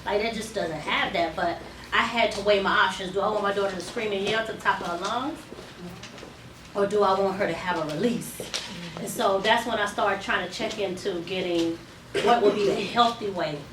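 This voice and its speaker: A woman's voice: medium pitch, moderate pace, a bit bright. A woman hair stylist explaining her work in a chatty, step-by-step way, with frequent ums, during a salon demonstration. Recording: roomy distant mic with salon noise.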